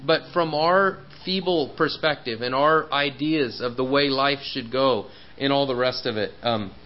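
A man's voice: mid-range voice, a little slow, lo-fi sound. A man preaching a sermon in an earnest, personal way, with frequent fillers and repeated words.

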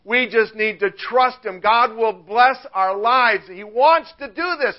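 An older male preacher giving a sermon, lively and chuckling at his own stories. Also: sits high, measured pace, hardly any pauses, muffled recording. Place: church.

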